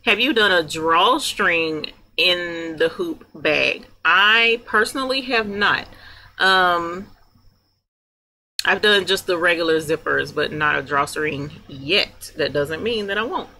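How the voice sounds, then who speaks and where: A woman's voice: on the low side, takes it slowly, bright, forceful tone. A woman hosting a casual live chat, greeting viewers by name and laughing often while she works. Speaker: livestream host. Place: workroom with embroidery machine running. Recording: clear machine hum behind voice. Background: embroidery machine noise.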